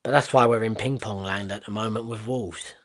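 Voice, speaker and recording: A man from Portugal, doing live football watchalong commentary in a blunt, excitable way with quick exclamations and swearing. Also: lowish voice. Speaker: football streamer.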